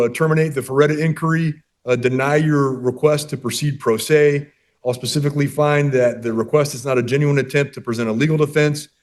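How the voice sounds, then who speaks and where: Firm judge speaking in court. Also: male voice, fairly high pitch. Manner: firm, measured, lecturing. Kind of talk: courtroom hearing.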